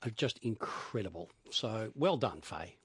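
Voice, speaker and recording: A man's voice: on the low side, lively intonation, measured pace, a little hiss or hum. A man co-hosting a radio talk show, adding brief, affirming comments. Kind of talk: radio panel chat.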